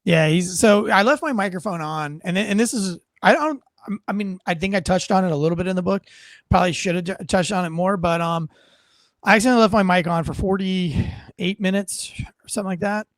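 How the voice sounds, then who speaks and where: A man's voice: sits high, fairly quick, no room sound, studio quality. A man, a former police officer, telling a story in a casual interview in a blunt, profane, rambling way.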